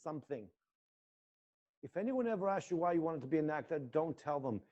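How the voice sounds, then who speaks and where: Middle-aged male acting coach, fairly high voice, intense and coaxing, swears freely; muffled lo-fi audio. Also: animated, quick pace, darkish tone. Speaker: acting teacher. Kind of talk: guided acting exercise in a live class.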